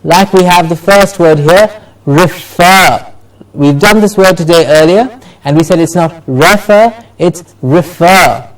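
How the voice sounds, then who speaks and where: A man teaching a pronunciation class, modelling words slowly and carefully, drawing them out for his students to repeat. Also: high-pitched. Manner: slow, drawn-out modelling of words. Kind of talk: classroom lesson. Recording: voice from far off the mic.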